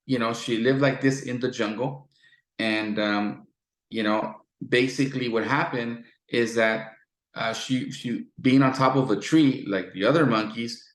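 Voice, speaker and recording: A man with a fairly low voice tells a motivational story, pausing to throw rhetorical questions at the listener and often restarting his sentences. The recording has a noticeable roomy echo. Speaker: motivational speaker. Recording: echoey room.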